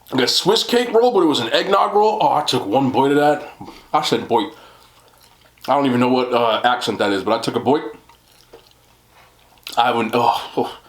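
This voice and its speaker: A young man with a mid-pitched voice talks casually while he eats, chatty and easy, with frequent laughs and jokes at his own expense. The sound is roomy, as if he is recording in a room at home. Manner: chatty and self-deprecating, laughs often, talks while eating. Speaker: mukbang vlogger. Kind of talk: casual eating vlog chat.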